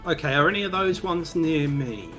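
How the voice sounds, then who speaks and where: A man playing a tabletop game, asking measured questions. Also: fairly high pitch, animated, a bit bright, soft background music. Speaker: player.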